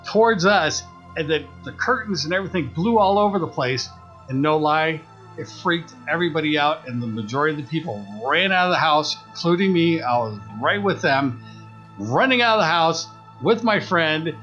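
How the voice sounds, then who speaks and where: A man's voice: a little high, normal speed, dull audio, faint music behind. Man telling a story on a podcast. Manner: animated retelling, acts out quoted voices. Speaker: podcast co-host. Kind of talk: casual storytelling.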